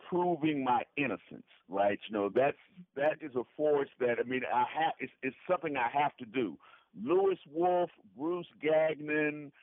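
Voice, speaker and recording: A man's voice: mid-range voice, dry recording. Guy on a crackly prison phone, earnest, keeps repeating himself, dry sound. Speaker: interview guest calling in. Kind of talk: phone-in conversation. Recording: tinny prison phone line.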